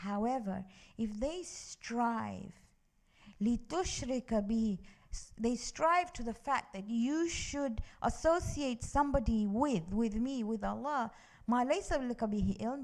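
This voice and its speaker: Gravelly-voiced woman teaching a religious class. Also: medium pitch, darkish tone. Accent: British English. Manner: storytelling, mixes English with recited Arabic verses. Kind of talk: lecturing with Quran recitation. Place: mosque classroom.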